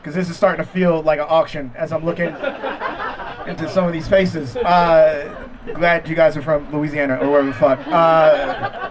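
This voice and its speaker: A man's voice: fairly high pitch, steady tone, normal speed. A man performing a stand-up set at an outdoor backyard show, talking conversationally and mocking himself between punchlines. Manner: conversational, self-deprecating punchline delivery with crowd asides. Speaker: stand-up comedian.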